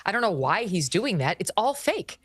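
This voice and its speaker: A woman podcast host giving sharp, sarcastic political opinions with emphatic delivery. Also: mid-range voice, sing-song, normal speed, slightly rough, dry recording, studio quality.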